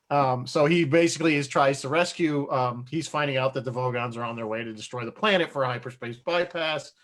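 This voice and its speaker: A man's voice: mid-range voice, normal speed, fairly bright tone. A man co-hosting a casual chat, rambling and laughing often as he talks. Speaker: podcast co-host.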